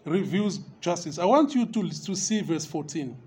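A man's voice: sits high, animated, normal speed, darkish tone, slight background noise. A man preaching a sermon, speaking emphatically to his listeners, calling them dear friend and rising on repeated questions.

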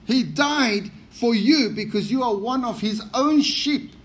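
A man's voice: extremely high pitch, unhurried, a bit bright. A man preaching a sermon, emphatic and often repeating key phrases for stress.

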